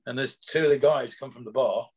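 A man's voice: medium pitch, a little fast, darkish tone, breathy edge. A man, a former prison officer, telling rambling anecdotes in casual chat, acting out quoted dialogue with chuckles.

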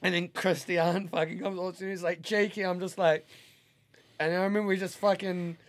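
Higher-voiced New man, heartfelt. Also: little pitch movement, a little fast. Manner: heartfelt, rambling, heavy swearing and fillers. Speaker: guest. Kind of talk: casual podcast chat.

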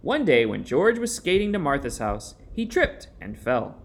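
A man's voice: medium pitch, sing-song, normal speed, gravelly. Man reading a children's story aloud. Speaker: narrator.

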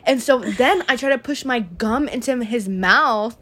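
A young woman with a fairly high voice hosts a casual podcast. She tells her stories bluntly and emphatically, and she swears without holding back. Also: a little slow, a bit bright. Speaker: podcast host. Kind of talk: casual chat.

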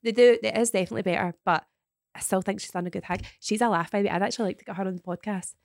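A woman's voice: mid-range voice, very fast, vocal fry, darkish tone, dry recording, studio quality. Chatty woman co-hosting a podcast. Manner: chatty storyteller, swears freely. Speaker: podcast co-host. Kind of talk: casual chat.

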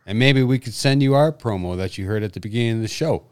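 A man's voice: on the low side, darkish tone. A man from North Dakota co-hosting a podcast, chatting bluntly and profanely and teasing his co-host. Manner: profane, blunt, quick to tease. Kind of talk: casual crude podcast banter.

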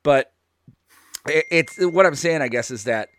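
A man's voice: a little high, unhurried, fairly bright tone, a little hiss or hum. A man hosting a casual podcast, talking in a rambling way and restarting his sentences often. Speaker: podcast host.

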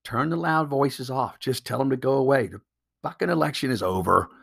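Blunt, profane man with a forceful voice. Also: medium pitch, fairly quick, gravelly, slightly rough. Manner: punchy rhetorical questions. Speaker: podcast host. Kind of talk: solo podcast monologue.

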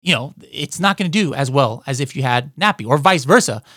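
Energetic man teaching sellers. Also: mid-range voice, fairly quick, slightly rough, dry recording, clean studio sound. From United States. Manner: energetic, addresses listeners as guys, frequent "all right?". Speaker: podcast host. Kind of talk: instructional podcast talk.

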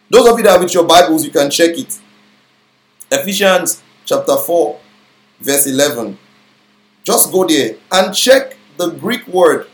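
A pastor teaching a sermon, explaining scripture and repeating key phrases, reading verses slowly. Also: male voice, high-pitched. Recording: echoey room.

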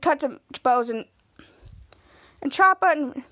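A woman's voice: high-pitched, expressive, a little slow, bright, forceful tone. A woman hosting a podcast, retelling a TV episode scene by scene in a rambling, stop-start way with many restarts. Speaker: podcast host. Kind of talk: casual recap of a TV episode.

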